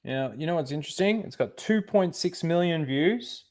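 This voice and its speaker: Animated and a little mellow, a man's fairly high voice moves at a moderate pace while he hosts his channel. His casual livestream reactions to trailers ramble on, heavy with fillers and asides, and he swears freely.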